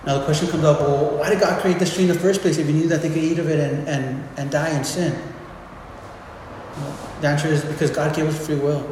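A man's voice: fairly high pitch, fairly even intonation, fairly quick, noisy background. A man giving an informal, conversational sermon, often restarting and repeating words as he explains. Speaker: preacher. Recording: echoey hall with faint ambience.

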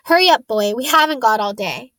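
A gruff, rude middle-aged uncle snaps at people with no patience, as a woman reads the part. His manner is curt and sour. The sound is close and dry. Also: fairly high pitch, animated, brisk, fairly bright tone, dry recording. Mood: impatient.

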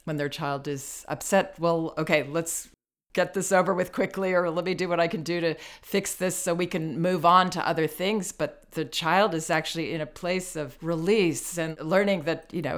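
A woman podcast host reflecting thoughtfully on parenting in conversation. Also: on the low side.

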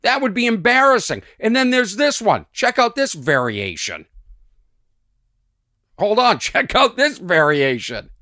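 Animated sarcastic man ranting solo. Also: high-pitched, unhurried, no room sound. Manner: animated, sarcastic, mock-exasperated. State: sleepy but energized early morning. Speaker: podcast host. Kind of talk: solo comedy podcast rant. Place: at home early morning, birds outside.

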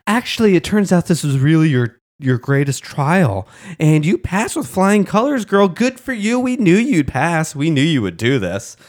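A man putting on a smug, condescending council voice, mocking and sing-song with high, exaggerated delivery. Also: sing-song, normal speed. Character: smug condescending Jedi council, fake cheery.

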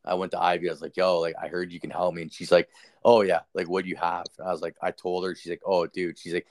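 A young man with a very deep voice tells a ghost story in casual chat. He rambles, swears freely and leans on fillers. The sound is dry and close. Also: monotone, quick pace, no echo. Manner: profane, rambling, filler-heavy. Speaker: storyteller guest.

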